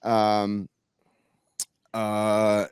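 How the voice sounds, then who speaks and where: A man's voice: lowish voice, completely flat delivery, very slow, a little mellow, clear, resonant tone, dry recording, clean studio sound. A man telling a backstage story in casual podcast chat, rambling with many restarts and fillers. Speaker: guest musician.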